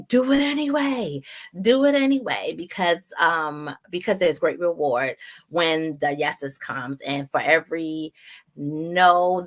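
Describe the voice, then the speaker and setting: A woman with a Baltimore accent hosting her own online show, chatty, laughing at herself and using many fillers. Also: sits low. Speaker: online radio show host. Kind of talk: casual announcements to viewers.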